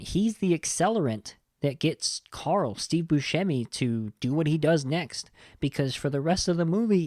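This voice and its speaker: A man's voice: medium pitch, a little mellow, dry recording, clean studio sound. A man hosting a podcast, casually recapping a film in a loose, rambling way full of filler words. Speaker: podcast host.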